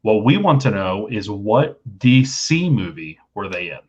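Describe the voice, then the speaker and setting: A man's voice: lowish voice, big pitch swings, measured pace, dull audio. A man hosting a casual online trivia night, reading out questions and chatting loosely between them. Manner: easygoing, reads questions and jokes between them. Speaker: trivia quiz host. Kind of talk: casual live trivia stream.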